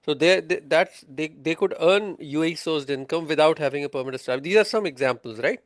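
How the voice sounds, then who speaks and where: Male tax tutor, somewhat high, resonant, lots of hesitations. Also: fast, no room sound, clean studio sound. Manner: explains patiently, quizzing students, many fillers. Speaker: tax instructor. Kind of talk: interactive online lesson.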